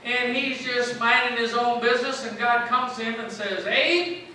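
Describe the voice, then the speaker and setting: High, bright-voiced pastor in an echoey church. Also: male voice, level tone, moderate pace, a little hiss or hum. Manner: chatty, jokey, keeps quizzing the congregation. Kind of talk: sermon. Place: church sanctuary. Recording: very echoey church, mic at a distance.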